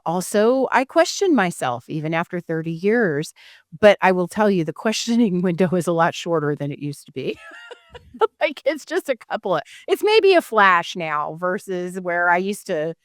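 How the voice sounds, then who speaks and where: A woman's voice: lowish voice, clean tone, no echo, clean studio sound. A middle-aged woman with a Missouri accent hosting a podcast, talking in a chatty, rambling way and laughing easily. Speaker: podcast host and photographer. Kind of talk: casual podcast chat.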